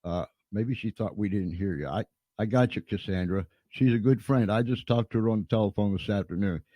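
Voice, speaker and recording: A man's voice: on the low side, fairly quick, dark tone, no room sound. A man hosting a live stream in a folksy, chatty way, fighting a cold. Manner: folksy and chatty, playful showman. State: has a cold. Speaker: host. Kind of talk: casual live-stream interview.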